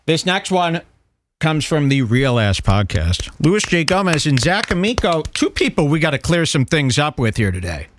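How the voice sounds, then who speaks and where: A man's voice: a little high, sing-song, moderate pace. A man hosting a podcast in casual chat, swearing and acting mock-exasperated while reacting to clips. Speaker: podcast host.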